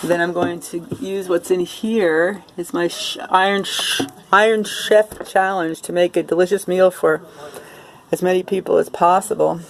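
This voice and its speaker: An artist shows off her home studio in a casual vlog, rambling with lots of fillers and restarts as she walks from room to room and into a kitchen while Cajun fiddle music plays from a computer. Her voice is fairly low and fairly even, at a measured pace. The low-quality recording carries slight background noise.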